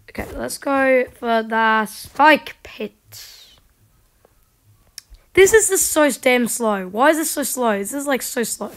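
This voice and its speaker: A woman giving casual gameplay commentary, chatting to herself and mocking herself in quiet whispered asides. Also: a little high, a little slow. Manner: chatty, talks to herself while playing. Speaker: gaming video creator.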